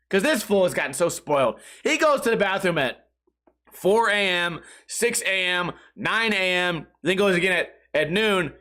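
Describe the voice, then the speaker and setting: A man with a high, bright voice, rambling through a comedy podcast monologue. He acts out his own reactions and swears freely, with plenty of "dude" and "bro." His delivery is loose and conversational. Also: expressive, moderate pace. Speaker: podcast host.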